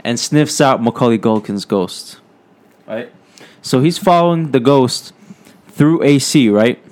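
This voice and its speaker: A man's voice: medium pitch, unhurried, a little mellow. Casual cursing man spinning a story. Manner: casual, cursing, checking in with "right?". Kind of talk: improvised comedy storytelling.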